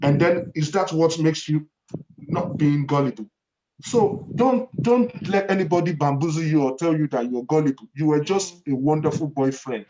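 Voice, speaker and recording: Panel chat, man, emphatic counsel, raised pitch, muffled lo-fi sound. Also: normal speed. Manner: reassuring, emphatic advice. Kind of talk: casual panel chat, giving advice. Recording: dull lo-fi sound with faint hiss.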